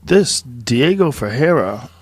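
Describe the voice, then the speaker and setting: A man's voice: mid-range voice, animated, takes it slowly, darkish tone, slightly rough, no room sound. A man hosting a podcast, reacting and chiming in during casual chat. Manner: reactive, interjecting. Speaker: podcast host.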